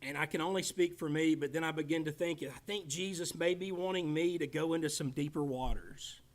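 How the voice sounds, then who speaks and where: A man's voice: a little high, fairly quick. Joking man teaching Bible class. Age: 50s. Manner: joking, animated, teasing the class by name.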